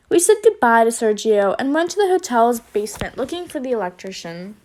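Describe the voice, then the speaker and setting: Female storyteller for kids, high-pitched, expressive delivery. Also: normal speed, few pauses. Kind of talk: children's story reading.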